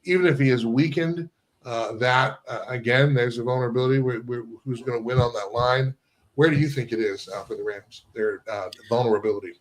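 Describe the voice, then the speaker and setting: A man's voice: mid-range voice, a little fast. A man hosting a casual sports talk show, quoting statistics and putting questions to his co-host. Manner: asks questions, cites stats from notes.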